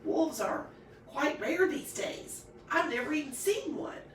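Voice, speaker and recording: A plainspoken, folksy young woodswoman, as a narrator puts her on, calm and drawling. Her voice sits fairly high with a lively lilt, and it sounds off-mic in an echoey room. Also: unhurried, recorded from a distance, a little hiss or hum.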